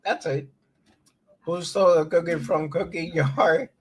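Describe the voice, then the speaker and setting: A man hosting a casual crypto livestream, rambling and offhand, and reading news aloud haltingly. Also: a little high, breathy edge, poor audio. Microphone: streaming mic.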